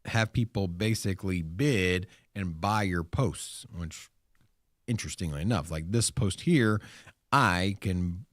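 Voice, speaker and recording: A man co-hosting a casual crypto talk show, animated and rambling with restarts and fillers. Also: low-pitched, measured pace, no echo, studio quality. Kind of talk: casual chat.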